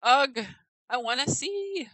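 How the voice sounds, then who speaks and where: A woman's voice: high voice, expressive, slow, sharp tone, dry recording, rough recording. A woman giggling and thinking aloud in casual commentary as she tours a house in a game. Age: adult. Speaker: gamer touring a player-built house.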